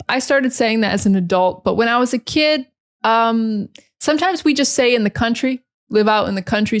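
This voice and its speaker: A young American woman teaching English pronunciation to learners, modeling words slowly and repeating them clearly for imitation. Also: mid-range voice. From United States.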